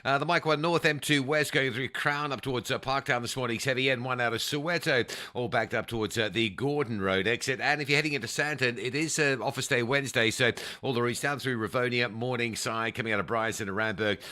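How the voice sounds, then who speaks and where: A man's voice: medium pitch, brisk, hardly any pauses, pushed and bright. A man reading a radio traffic update, rattling fluently through road names. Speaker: traffic reporter. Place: radio studio.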